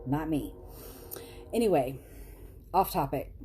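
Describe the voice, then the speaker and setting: Chatty low-voiced woman vlogger. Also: expressive, takes it slowly, mellow, a little hiss or hum. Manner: chatty, self-deprecating, laughs often, quotes others in high voices. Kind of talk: casual storytelling to viewers.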